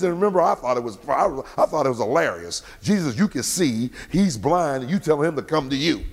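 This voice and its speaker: A male pastor preaching a sermon in a church sanctuary, swinging between shouts and drawn-out words. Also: on the high side, sing-song, creaky, long reverb tail.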